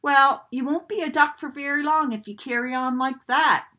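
A woman's voice: high-pitched, steady tone, moderate pace, pushed and bright, pitched above the performer's own voice. A woman voicing a wise old male duck who lectures and warns about dangers. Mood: warning. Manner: lecturing, warning.

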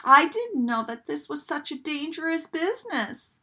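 A woman voicing a young boy who has become an eager little duckling, exclaiming with excitement. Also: sits high, moderate pace, voice pushed up, full character voice. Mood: wide-eyed.

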